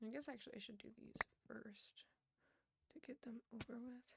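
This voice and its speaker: A woman's voice: a little high, moderate pace, vocal fry, noisy background. A woman streamer chatting casually while she plays, rambling and laughing often. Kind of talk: casual chat while gaming. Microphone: wired earbuds with a headset mic.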